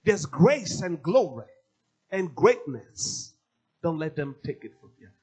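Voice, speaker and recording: A man's voice: fairly high pitch, big pitch swings, slow pace, darkish tone, husky. A male pastor preaching a sermon, emphatic and repeating his key phrases.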